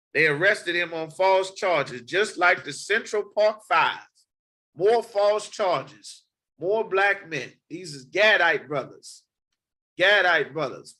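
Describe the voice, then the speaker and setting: Male preacher, bright high voice, insistent and repetitive, reads verses between points. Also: poor audio. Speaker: street preacher. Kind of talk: sermon with scripture reading.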